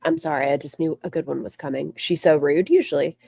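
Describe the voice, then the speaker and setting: A woman's voice: sits low, fairly quick, creaky, dark tone, breathy edge, dry recording, clean studio sound. A woman streamer giving casual live commentary on a video, with blunt, sarcastic asides.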